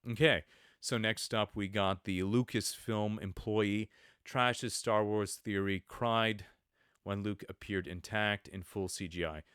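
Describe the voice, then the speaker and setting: Brief: male podcast host, very low smooth voice, rambling sarcastic commentary. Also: fairly even intonation, measured pace, a bit bright, dry recording, clean studio sound. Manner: rambling, many fillers, sarcastic asides. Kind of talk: casual commentary monologue.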